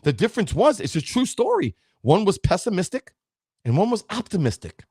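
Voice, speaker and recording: A man's voice: sits high, sing-song, a little fast, gravelly, darkish tone, breathy edge, dry recording, studio quality. A man, giving an emphatic, preachy motivational talk as a podcast host and speaking straight to his listeners. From Brooklyn, New York. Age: 50s.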